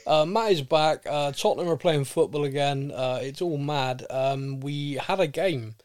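Man, podcast co-host, slightly high voice, jokey sarcastic banter. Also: unhurried, darkish tone. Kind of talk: casual football chat.

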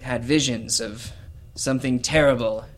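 A man's voice: mid-range voice, steady tone, a little hiss or hum, lightly acted. Man voicing an old gnome seer, grave. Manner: grave and halting.

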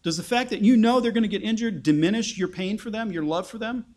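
A man's voice: sits high, fast talker, darkish tone. A man preaching a conversational Bible-teaching sermon, asking his listeners rhetorical questions.

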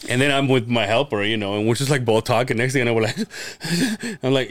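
A man's voice: medium pitch, animated, fairly quick. Rambling guy telling work stories. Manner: rambling anecdotes, acts out quoted dialogue, profane. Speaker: podcast co-host. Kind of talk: casual storytelling chat.

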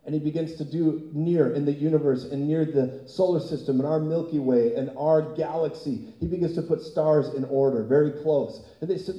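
A man preaching a sermon as pastor, telling an animated story and often laughing. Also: on the high side, normal speed, few pauses, reverberant, low-quality recording.

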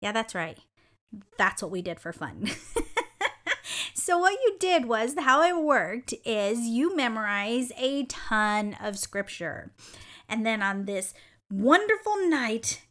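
A woman hosts her own podcast and tells a personal story in an animated, bubbly manner, often breaking into laughter. Her voice sits a little high, and she keeps a warm, chatty storytelling flow throughout. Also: slow pace. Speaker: podcast host. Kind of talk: casual storytelling monologue.

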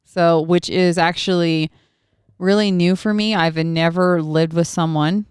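A woman in her thirties hosting a podcast, chatty and quick to giggle, reading a sponsor ad and bantering with her guest. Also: on the low side, steady tone, darkish tone, clear, resonant tone, dry recording, clean studio sound. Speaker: podcast host. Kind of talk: casual chat and self-read ad.

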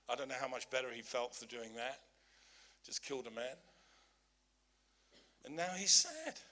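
A man's voice: fairly high pitch, sharp tone. A man preaching a sermon, emphatic, repeating his key lines, with humorous asides.

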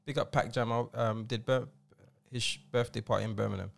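A man's voice: mid-range voice, brisk, creaky. A man in his forties with a London accent, co-hosting a podcast and telling stories in casual chat, acting out quotes in slang. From England. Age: 40s. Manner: animated storytelling, acts out quotes in slang. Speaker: podcast co-host and DJ.

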